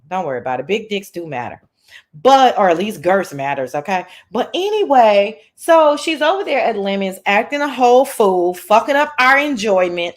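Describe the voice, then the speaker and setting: A woman hosting a casual livestream chat, brash and profane, telling stories with lots of energy. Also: medium pitch. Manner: brash, profane, animated storytelling. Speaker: livestream host.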